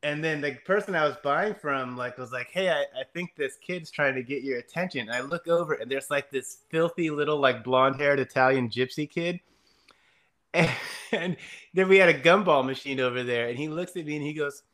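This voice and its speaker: A man's voice: on the high side, a little fast, a bit bright. A man, a guest on a podcast, telling stories in loose, profane casual chat. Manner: loose storytelling, swearing.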